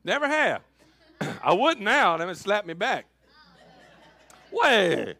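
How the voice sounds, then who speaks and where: A man preaching a sermon as pastor, switching between loud calls and quiet asides. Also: high voice, huge pitch swings, slow pace, creaky, no room sound.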